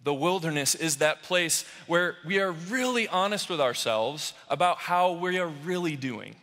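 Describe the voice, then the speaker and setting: A young male preacher with a bright, fairly high voice delivers a sermon at a slow, deliberate pace. His words ring out through a church sanctuary with a long reverb. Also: animated. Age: young adult. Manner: slow, dramatic preaching with voiced cries of the crowd. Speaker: pastoral resident.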